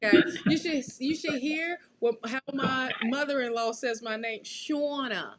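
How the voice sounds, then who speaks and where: A woman hosting a live tarot reading, chatty and quick to laugh, often checking in with her listeners. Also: high voice, noisy background. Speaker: tarot reader and show host.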